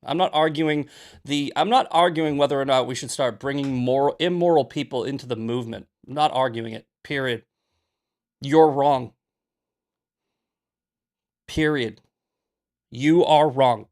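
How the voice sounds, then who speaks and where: A man's voice: mid-range voice, a little slow, long pauses, darkish tone. A young man hosting a political livestream, arguing heatedly with his chat in a combative, ranting way. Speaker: political commentator and show host. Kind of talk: livestream commentary answering chat.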